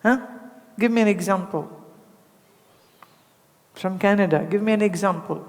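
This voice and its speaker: A woman's voice: medium pitch, moderate pace, darkish tone. A woman from India giving a spiritual talk to an audience, conversational, asking rhetorical questions and acting out the people she quotes. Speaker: spiritual teacher. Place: large hall with audience. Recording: long hall reverb.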